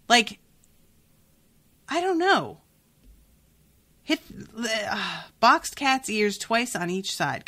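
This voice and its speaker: A woman hosting a podcast, chatting casually and reacting to a book in an animated, exasperated way, swearing freely. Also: mid-range voice. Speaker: podcast host.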